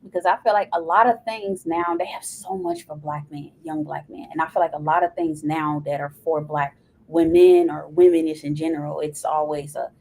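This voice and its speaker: Woman guest on a podcast, kinda low voice, earnest, giving advice, faint hiss. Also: normal speed, darkish tone, low-quality recording. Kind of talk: casual podcast conversation.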